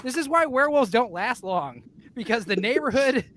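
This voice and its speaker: A man talking in a casual podcast chat, excitable and profane, acting out scenes with growls and shouts. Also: very high voice, normal speed, a little hiss or hum. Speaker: podcast co-host.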